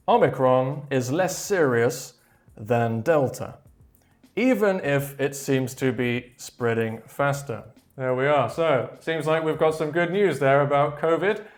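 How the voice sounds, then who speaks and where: A man teaching vocabulary in a slow, patient way, repeating key words and filling pauses with "okay, there we go". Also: fairly high pitch. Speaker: English teacher. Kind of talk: slow explanatory vocabulary lesson.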